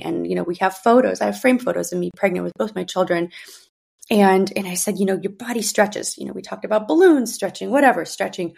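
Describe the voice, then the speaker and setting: A woman in her thirties speaks openly in a podcast monologue, her mid-range voice carrying a noticeable gravelly fry. She talks in a loose, conversational way, circling back and restarting her sentences as she thinks aloud. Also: mid-range voice, brisk, a little mellow. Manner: candid, conversational, many restarts and fillers. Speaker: podcast host. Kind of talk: personal monologue.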